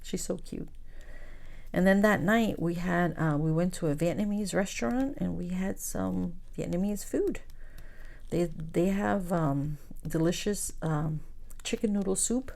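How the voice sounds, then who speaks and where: Woman, crafting channel host, casual chat, gravelly voice, slips into whispers. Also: on the low side, measured pace, darkish tone. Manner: chatty storyteller, calls her viewers "guys", drops to whispers.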